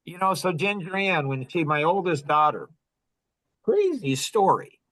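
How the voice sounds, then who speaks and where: Middle-aged man, podcast host, fairly high voice, earnest and confessional storytelling. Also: sing-song, measured pace, fairly bright tone. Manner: earnest, confessional, laughs between phrases. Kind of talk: casual storytelling talk.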